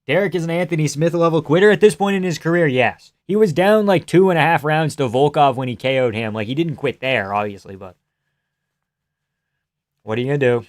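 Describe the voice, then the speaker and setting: A young man hosting a casual livestream and reacting to a fight in real time. His voice sits a little high, and he talks loosely and profanely. He breaks into excited yells of advice at the fighters and laughs often. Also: brisk. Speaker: livestream host.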